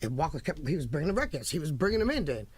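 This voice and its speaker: A woman's voice: low voice, rapid-fire, breathy edge, dry recording. A middle-aged woman telling stories in a casual interview, blunt and profane, laughing often and acting out what people said. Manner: lively, laughing, blunt and profane, acts out quotes. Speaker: interview guest, music manager. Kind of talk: animated storytelling in a casual interview.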